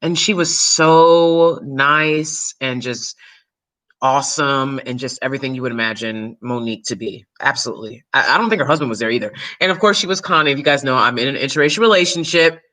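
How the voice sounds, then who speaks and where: A woman YouTuber and actor chatting casually to her viewers, animated and swearing freely, breaking into loud shrieks and laughs. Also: very deep voice, fairly quick. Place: New York City.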